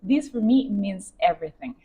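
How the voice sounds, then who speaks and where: A woman's voice: medium pitch, lively intonation, moderate pace, phone-quality sound, slight background noise. A woman in her twenties from Venezuela, a native Spanish speaker with a Venezuelan accent, answering interview questions in an earnest, upbeat way. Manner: earnest and upbeat, second-language phrasing. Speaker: pageant contestant.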